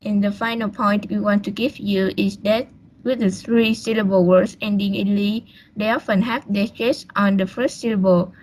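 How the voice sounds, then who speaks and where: A woman's voice: medium pitch, fairly even intonation, moderate pace, a little mellow, rough recording. A young woman, presenting a class lesson on a video call, hesitant with fillers and restarts. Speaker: student presenter.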